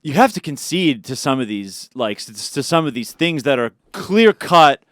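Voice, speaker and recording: A man's voice: medium pitch, sing-song, normal speed, a bit bright, no echo, studio quality. A young man co-hosting a casual podcast, joking around, swearing casually and getting defensive. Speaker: podcast co-host.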